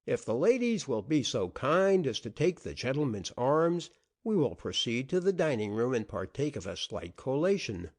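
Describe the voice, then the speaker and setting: A man's voice: medium pitch, big pitch swings, normal speed, darkish tone, voice pushed up. A man reading an audiobook, voicing a jovial, stentorian middle-aged male party host with theatrical grandeur. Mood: hearty, grand. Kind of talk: audiobook character voice.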